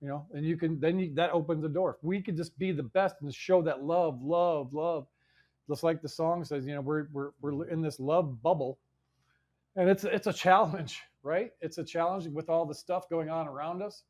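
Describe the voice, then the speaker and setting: A man's voice: fairly high pitch, normal speed, a little mellow. A man hosting a live in-person event, talking casually in a rambling way, repeating words and swearing now and then. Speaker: show host. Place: indoor venue in front of an audience.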